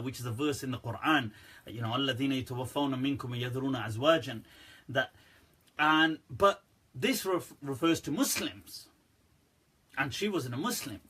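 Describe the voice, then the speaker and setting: An Islamic scholar holds a casual livestream Q&A, loose and joking, speaking directly to viewers and laughing often. His mid-range voice is bright and slightly husky, animated and racing, and he keeps dropping "right" and "people" between points.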